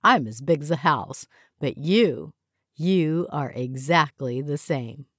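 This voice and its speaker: A woman voicing a loud, overly enthusiastic woman who runs into an old college friend in a storybook reading. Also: deep voice, animated, takes it slowly, dry recording, clean studio sound, exaggerated voice. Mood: gushing.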